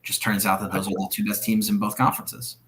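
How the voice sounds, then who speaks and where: A man's voice: lowish voice, little pitch movement, fast, a bit bright, slight background noise. A man co-hosting a sports podcast, giving earnest, opinionated takes in casual chat. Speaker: podcast co-host.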